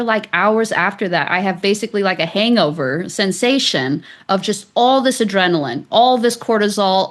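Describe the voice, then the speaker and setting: A woman's voice: mid-range voice, fairly bright tone. A woman author, a guest on an interview show, telling a personal story in a chatty, loose way full of fillers. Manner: chatty, with frequent "like" and laughs. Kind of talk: conversational storytelling.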